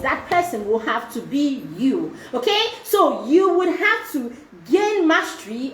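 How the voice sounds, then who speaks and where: A woman's voice: high-pitched, fairly bright tone, roomy sound, slight background noise. A woman giving a live-streamed parenting talk as a mentor, repeating herself and checking in often with "okay?" and "right?". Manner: repetitive, checking in with frequent tag questions.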